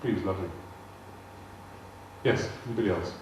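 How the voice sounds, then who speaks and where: A low-voiced older man with a West Country accent spins chatty, amused stories for a live audience. His voice rings around a big hall, picked up from a distance with a faint hiss underneath. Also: brisk, muffled recording. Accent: West Country English. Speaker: guest speaker answering audience questions. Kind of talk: anecdotal talk to a live audience. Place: large arts hall.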